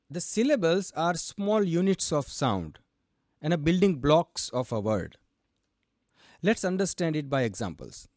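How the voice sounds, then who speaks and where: Indian man teaching a lively lesson. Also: fairly high pitch, no echo, studio quality. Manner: explains step by step, asks and answers own questions; switches between English and Hindi. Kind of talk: explanatory lesson.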